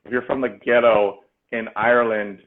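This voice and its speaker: A man's voice: mid-range voice, normal speed. Hyped guy gushing about stuff, says dude and bro a lot, sounds like he's on a phone line. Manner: excitable, swears a lot, slangy. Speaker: podcast co-host. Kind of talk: casual chat.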